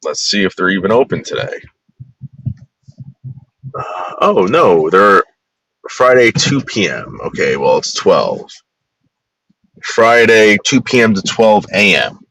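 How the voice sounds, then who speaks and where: A man's voice: on the low side, very animated, takes it slowly, long pauses, fairly bright tone, slightly rough, no room sound, rough recording. A man from the New York area, bluntly narrating a casual tour in a rambling, crude way. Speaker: vlogger.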